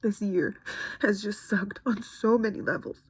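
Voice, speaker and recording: A woman's voice: mid-range voice, steady tone, measured pace, husky, no echo. A young woman giving an earnest, frustrated personal video update to her followers. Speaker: vlogger.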